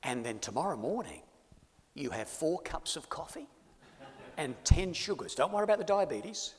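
A man preaching a sermon to his congregation, swinging from loud emphasis to hushed asides. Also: on the high side, lively intonation, moderate pace. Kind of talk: sermon on Bible prophecy. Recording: long hall reverb.

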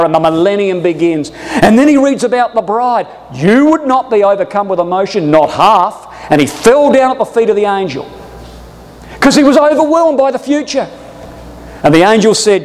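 A man preaching a Bible-school sermon, emphatic, moving between hushed asides and stirred outbursts. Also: high-pitched, expressive, normal speed, in a large hall, poor audio.

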